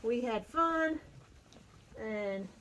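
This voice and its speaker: A woman's voice: fairly high pitch, animated, extremely slow, fairly bright tone, a little hiss or hum, poor audio. A woman hosting a casual picture-book read-aloud outdoors on a farm, laughing often and making playful asides to her animals.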